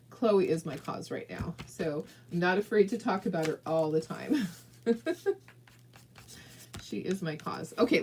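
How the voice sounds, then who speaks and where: A woman's voice: fairly low pitch, a little hiss or hum, poor audio. Chatty, encouraging woman craft host. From southern California. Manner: chatty and encouraging, talks straight to viewers, laughs often. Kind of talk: casual crafting livestream chat.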